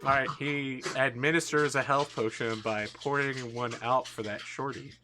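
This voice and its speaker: A young adult man narrating a tabletop game as game master, slowing down for dramatic moments. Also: mid-range voice, fairly even intonation, noisy background.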